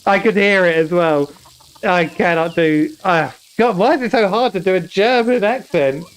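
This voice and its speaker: A man's voice: high-pitched, normal speed, clean tone. A British man streaming a game, reading the text aloud and joking at his own expense. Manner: self-mocking, reads game text aloud, laughs often. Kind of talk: casual live-stream commentary.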